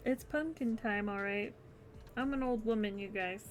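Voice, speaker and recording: A woman's voice: mid-range voice, moderate pace. A woman streamer chatting casually with her viewers while crocheting, giggling often and yawning near the end of her stream.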